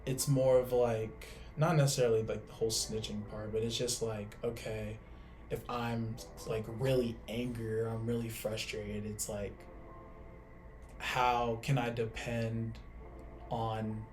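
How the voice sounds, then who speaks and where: A man's voice: lowish voice, little pitch movement, unhurried, darkish tone, soft background music. A young man in casual faith discussion, talking loosely with lots of "like" and trailing thoughts. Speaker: co-host.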